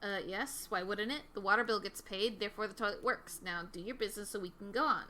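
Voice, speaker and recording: A woman's voice: mid-range voice, quick pace, slight background noise, natural voice. Woman doing a curt grumpy cousin. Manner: flat, curt. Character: blunt young woman cousin, grumpy host.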